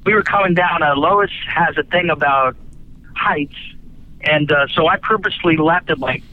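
A man spinning long, folksy anecdotes as a guest, slightly high-voiced and full of "uh"s and restarts. He curses casually. The audio is dull and lo-fi, like a call line. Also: moderate pace. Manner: folksy, many fillers and restarts, breezy cursing. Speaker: guest, radio broadcaster and author. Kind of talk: rambling anecdotal storytelling.

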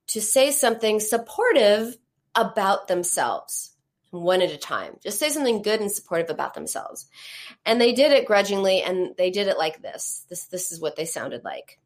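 A woman who leads a support group on emotional eating, talking casually in a live stream and answering viewer comments in a reassuring, conversational way, with fillers and repeated words. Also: medium pitch.

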